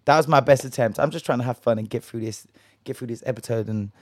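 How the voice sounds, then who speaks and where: A man's voice: medium pitch, fast, darkish tone, no echo, studio quality. A man hosting a casual solo gossip podcast, chatty and jokey, swearing and rambling, a little tipsy. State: a bit tipsy. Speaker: podcast host.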